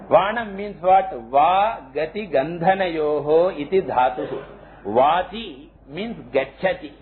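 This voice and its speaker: Slow man lecturing over tinny audio. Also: high-pitched. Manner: slow, explanatory, chants Sanskrit terms. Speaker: teacher of scripture. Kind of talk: scriptural lecture. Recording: tinny phone-like lo-fi audio, faint hiss.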